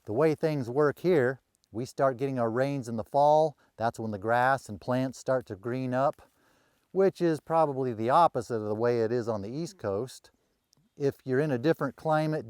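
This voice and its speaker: A man's voice: mid-range voice, a little mellow, clear, resonant tone, no echo. Wry man, dry close narration. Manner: wry, self-deprecating humor. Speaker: rural landowner and video creator. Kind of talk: casual explanatory narration.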